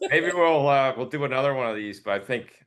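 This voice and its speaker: A man hosting a podcast, laid-back and friendly, with an ordinary mid-range voice. He wraps up casually, pausing on fillers as he goes. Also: mid-range voice, expressive, a crowd in the background. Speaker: podcast host. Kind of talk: casual interview wrap-up.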